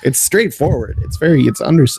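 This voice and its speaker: A man's voice: a little high, lively intonation, a little fast, creaky, darkish tone, husky. A young man co-hosting a casual movie review podcast, with dry, blunt quips. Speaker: podcast co-host.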